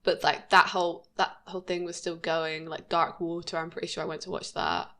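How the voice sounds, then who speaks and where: Woman in her 30s chatting on a podcast, laughy, bouncy pitch. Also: fairly quick. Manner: chatty, laughs often, lively pitch jumps. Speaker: podcast co-host. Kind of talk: casual chat about a TV episode.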